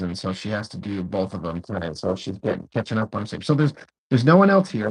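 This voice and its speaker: Man, casual livestream host at home, husky voice, relaxed and bemused. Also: on the low side, rough recording. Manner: easygoing, puzzled, talks through tech trouble. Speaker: live stream host. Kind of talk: casual chat. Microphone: phone.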